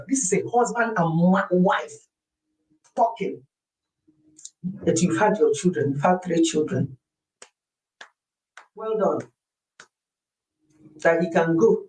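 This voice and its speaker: A middle-aged woman hosting a wellness show, chatting to a group in a lively, confiding storytelling way. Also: lowish voice, takes it slowly, long pauses, poor audio. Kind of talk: casual chat to a group.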